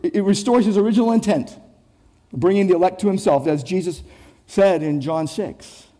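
A man delivers an expository sermon in a notably high voice with a soft, mellow tone. He stresses his points by repeating phrases and often restarts words mid-thought. He asks his listeners questions directly. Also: moderate pace. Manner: emphatic, repetitive phrasing with frequent word restarts; rhetorical, addresses listeners directly. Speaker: pastor.

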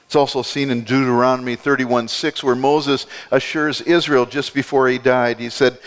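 A male pastor preaching a sermon, expressive, moving between soft, low passages and emphatic lifts. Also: moderate pace, few pauses. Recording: long hall reverb.

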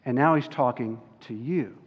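A man preaching a sermon as a pastor, earnest and slowing down on key words. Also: medium pitch, breathy edge. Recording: dull recording with long hall reverb.

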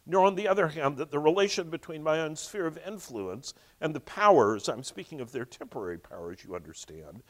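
Evasive elderly bureaucrat, wordy and noncommittal, read by a man, pitch swinging about. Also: a bit bright. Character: vague evasive elderly male official.

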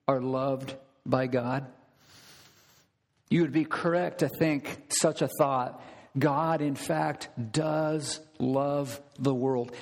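A man's voice: a little high, a little mellow. Emphatic male pastor, reverberant hall. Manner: emphatic, repeats key phrases, asks the congregation questions. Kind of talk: sermon.

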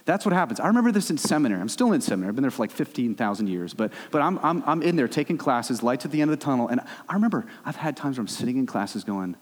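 A young adult male pastor preaching a sermon, with animated swings between loud, high bursts and low, quiet stretches. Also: very fast, few pauses. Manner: animated preaching, rising and dropping sharply. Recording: long hall reverb.

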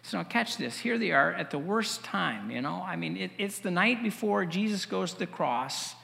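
A man preaching in a church with a long, lingering reverb. His voice is gravelly, and it rises and falls in a lively, animated way. He keeps the sermon conversational and wry, full of asides. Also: high-pitched, moderate pace. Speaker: pastor.

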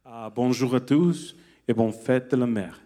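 Guy on a church stage, mellow dark voice, short calm greetings, bit hesitant. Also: mid-range voice, normal speed. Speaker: guest on stage.

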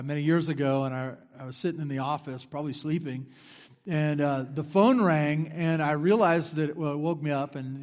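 Middle-aged pastor with a higher voice. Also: male voice. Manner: conversational, repeats phrases for emphasis, drops to quiet asides. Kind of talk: sermon.

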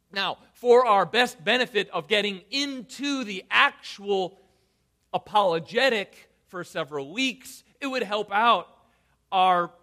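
A man preaching a sermon as pastor, swinging from loud emphatic lines to quiet low asides and building points through repeated phrases.

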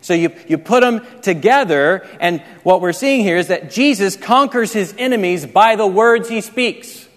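A man's voice: sits high, normal speed, hardly any pauses, a bit bright. Preaching man in a reverberant hall. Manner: explanatory preaching with frequent restarts. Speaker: pastor. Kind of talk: sermon.

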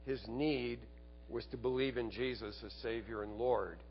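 A man preaching a sermon as a pastor, earnest, asking rhetorical tag questions and sinking to quiet emphasis. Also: mid-range voice, steady tone, normal speed, husky, highs cut off.

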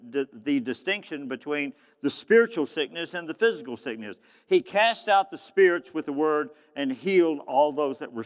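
A man preaching a sermon as pastor, swinging between hushed, low passages and loud, high calls. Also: long reverb tail.

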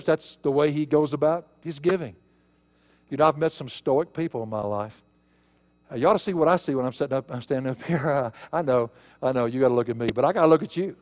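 A man preaching as pastor in a church, folksy and emphatic, building to fervent peaks. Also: fairly high pitch. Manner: emphatic, folksy preaching with rising bursts of intensity. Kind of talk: sermon. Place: church sanctuary.

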